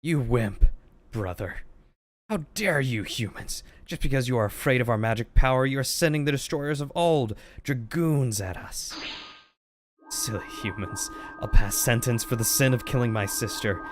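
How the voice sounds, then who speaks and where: A man voicing a scornful, contemptuous winged enemy in a hushed, breathy sneer. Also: mid-range voice, normal speed, close to an everyday voice.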